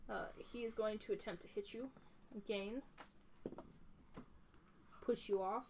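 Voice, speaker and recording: A woman's voice: medium pitch, steady tone, measured pace, very noisy. Woman running a tabletop game. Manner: casual, filler-heavy narration with many "like" and "um". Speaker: dungeon master.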